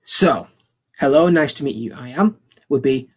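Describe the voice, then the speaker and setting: A man's voice: medium pitch, animated, moderate pace, a little mellow, breathy edge. A young man teaching a recorded school lesson, upbeat and encouraging, repeating phrases for learners to copy.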